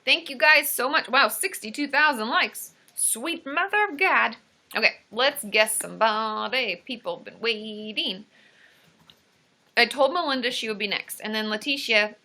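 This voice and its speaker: Woman gushing on a live stream, higher voice, really bright, gasps at everything. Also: moderate pace. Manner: gushing, excitable, lots of gasps and exclamations. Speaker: therapist hosting a livestream. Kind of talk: casual live-stream chat.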